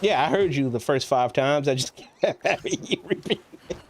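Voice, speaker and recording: A man's voice: a little high, lively intonation, moderate pace, slight background noise. A man streaming a video game, chatting casually with a friend, teasing and swearing. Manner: teasing, profane, laughs often. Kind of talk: casual gaming chat.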